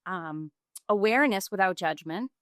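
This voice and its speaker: A middle-aged woman, a yoga teacher and bodyworker, guesting on a podcast and telling stories in an animated way. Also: medium pitch, normal speed, dry recording, clean studio sound. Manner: animated storytelling, acts out quoted clients. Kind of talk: casual conversational interview.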